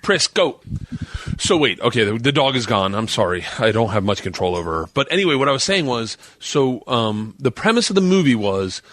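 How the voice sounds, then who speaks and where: A man's voice: mid-range voice, a little fast, few pauses, no room sound. A man in his forties telling a story on a podcast, swearing freely and acting out what others said. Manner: animated storyteller, swears freely, acts out quotes. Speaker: podcast guest.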